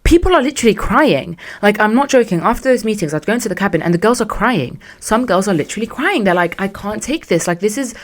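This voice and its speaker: Animated sassy woman podcasting. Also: medium pitch, quick pace, hardly any pauses. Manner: animated, sassy, acts out quotes in other voices. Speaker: podcast host. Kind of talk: casual storytelling monologue.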